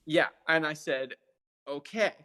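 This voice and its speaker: A man's voice: a little high, measured pace, sharp tone. A young man co-hosting a podcast in casual chat, joking and teasing his friend. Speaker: podcast co-host.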